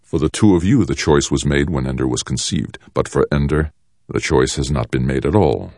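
A man's voice: extremely low pitch, a little mellow, no room sound, studio quality. A man playing a stern, cool military colonel. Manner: measured, cool, controlled.

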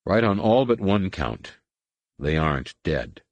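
Guy doing a dry sarcastic old captain dad, deep voice, dead dry sound. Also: very animated, unhurried, no room sound, muffled recording, full character voice. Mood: wry. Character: older male ship captain, wry sarcastic father.

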